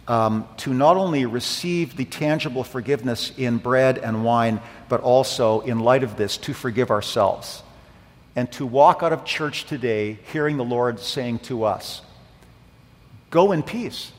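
A pastor preaches a sermon in a church sanctuary, earnest and swelling on key phrases. His voice is mid-range at a moderate pace, and the recording carries a long hall reverb.

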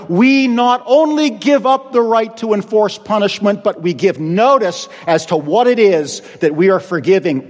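A man's voice: high voice, big-room sound. A male pastor preaching a sermon, acting out the people he quotes.

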